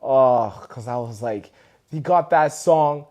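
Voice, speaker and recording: A Canadian street dance teacher tells a story in a casual interview, taking it slowly in a medium-pitched voice. He's animated and acts out what other people said by raising his voice.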